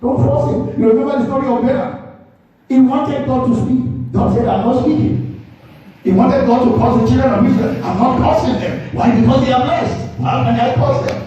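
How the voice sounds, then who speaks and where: A man's voice: extremely high pitch, moderate pace, dark tone. A man preaching a sermon as pastor. He speaks emphatically, repeats his points and calls on the congregation to respond. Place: church sanctuary. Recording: echoey church hall, distant dull mic.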